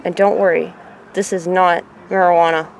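A middle-aged woman talking casually to her viewers, rambling, laughing at her own stumbles and swinging from loud to quiet. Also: fairly low pitch, little pitch movement, normal speed, vocal fry, a little hiss or hum. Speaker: vlogger.

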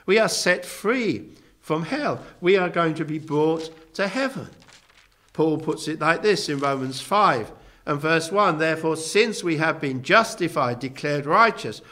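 Earnest bright-voiced male preacher. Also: a little high, expressive, a little slow. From England. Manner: earnest, emphatic preaching with rising stresses. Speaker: pastor. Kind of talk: sermon.

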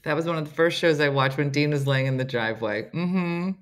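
A woman's voice: low voice, brisk. A woman hosting a comedy morning show, reading listener stories aloud with playful banter.

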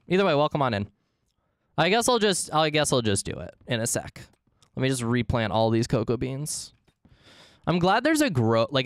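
A man's voice: mid-range voice, fairly bright tone, smooth, no echo, clean studio sound. A man live-streaming a game, chatting casually and goofily with his viewers as he plays. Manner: goofy, rambling, talks to chat.

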